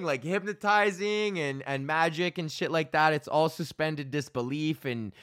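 A man's voice: on the high side, normal speed, a bit bright, clear, resonant tone, no room sound, studio quality. A young man hosting a podcast, telling loose, profane stories in a rambling casual monologue. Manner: loose, profane storytelling with laughs. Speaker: podcast host and comedian.

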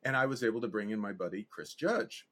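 A man with a voice on the low side talks fast as he shares anecdotes in a casual interview. He's a guest animator and director, animated in his storytelling and acting out the voices of those he quotes.

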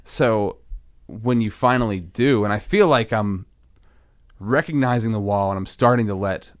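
A man in his thirties co-hosting a podcast, talking casually and retelling a story in a rambling, animated way. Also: on the low side, moderate pace. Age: 30s. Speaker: podcast co-host. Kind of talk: casual faith podcast chat.

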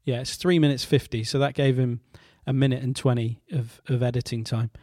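Male host, casual and halting, dry close sound, mid-range voice. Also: mid-range voice, fairly even intonation, mellow, dry recording. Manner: halting, many fillers and restarts, wry asides. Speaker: radio show host. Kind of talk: casual show presenting.

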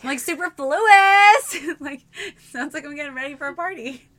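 A young woman co-hosting a podcast in casual chat, animated and full of "like"s as she acts out her own past remarks. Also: high-pitched, fast. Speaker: podcast co-host.

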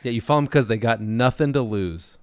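Man, deadpan comedy guest, smooth resonant voice, dry close mic. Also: mid-range voice, brisk, no echo. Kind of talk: casual comedic banter.

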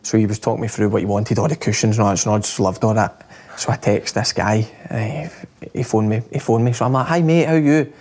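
A man telling a casual anecdote in an animated, laughing way. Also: on the low side, fast talker, breathy edge. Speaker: guest telling a story.

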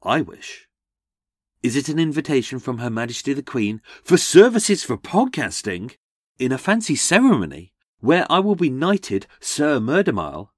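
A man's voice: medium pitch, no echo, studio quality. A man hosting a comedic true-crime podcast, sardonic with jokey asides. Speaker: podcast host.

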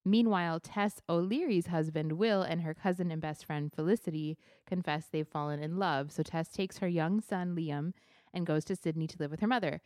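A woman co-hosting a casual book club podcast, chatty and quick to laugh. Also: sits low, darkish tone, no room sound, studio quality. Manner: chatty, laughs easily, reads a synopsis aloud. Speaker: podcast co-host.

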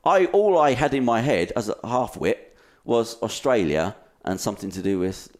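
A man's voice: mid-range voice, lively intonation, moderate pace, a little mellow. A man, co-hosting a casual podcast chat, rambling and swearing freely and poking fun at himself. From England. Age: 30s. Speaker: podcast co-host.

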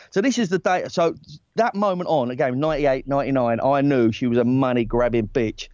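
A man in his forties tells stories casually, rambling and self-deprecating, often restarting his sentences. His voice sits at a middling pitch. It is recorded dry and a little dull through earbuds. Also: fairly quick, darkish tone, no room sound. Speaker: talent agent, guest. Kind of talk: casual anecdotal chat. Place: outdoors in a hammock. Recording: dry, slightly dull sound.

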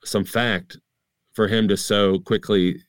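A man's voice: lowish voice, dry recording. A man in his thirties, a stand-up comedian, chatting casually and acting out his jokes. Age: 30s. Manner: animated, acts out jokes with quick asides. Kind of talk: casual chat about comedy bits.

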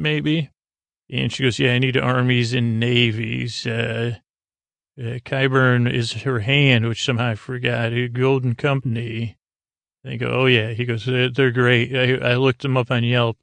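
A man with a gravelly, creaky voice talks through an episode recap in a flat, level tone. He rambles and restarts often, filling pauses with "uh". The sound is dry and close, with no room around it. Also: mid-range voice, no echo. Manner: rambling, halting, many fillers and restarts. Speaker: podcast host recapping an episode. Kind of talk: casual sleepy recap monologue.

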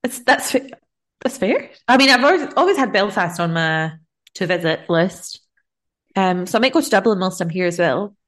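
A woman's voice: medium pitch, expressive, moderate pace, a bit bright. A woman co-hosting a podcast in casual chat, chatty and giggly, tired after a long day of travel. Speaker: podcast co-host.

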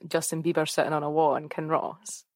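A young Scottish woman in casual podcast chat, her voice sitting fairly low. She tells stories with plenty of laughter. The sound is dry and close, with no room echo. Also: little pitch movement, brisk. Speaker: podcast co-host.

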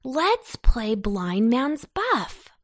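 A woman's voice: mid-range voice, big pitch swings, slow pace, a bit bright, full character voice. Woman doing earnest ten-year-old boy, a touch bossy, storybook read-aloud. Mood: eager.

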